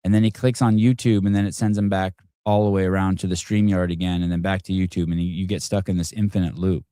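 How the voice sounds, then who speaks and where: A man's voice: low-pitched, level tone, fast, dark tone, clean tone, no echo, studio quality. A man hosting a live stream, chatting casually in a rambling, joking way with frequent swearing. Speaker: podcast host.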